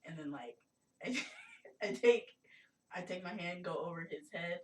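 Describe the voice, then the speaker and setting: A woman's voice: fairly low pitch, expressive, measured pace, darkish tone. A woman playing in a tabletop game, hesitant and giggly as she describes her moves. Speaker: player. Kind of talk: casual play talk. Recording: echoey room, far from mic, faint noise.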